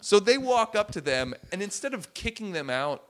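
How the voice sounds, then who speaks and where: A man whose voice sits high, a stand-up comedian, chats casually at normal speed while telling a story. He brings it to life by doing the voices of the people involved.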